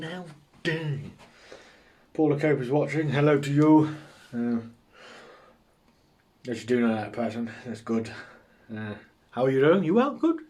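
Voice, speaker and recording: A man's voice: medium pitch, darkish tone. A man hosting a live show and answering viewer questions in casual chat, sarcastic and ranting, with plenty of swearing.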